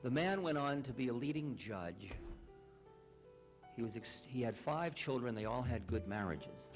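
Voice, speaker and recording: Man, spiritual teacher, wry self-deprecating storyteller, middling pitch, faint music underneath. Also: lively intonation, measured pace. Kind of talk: storytelling talk and reading aloud.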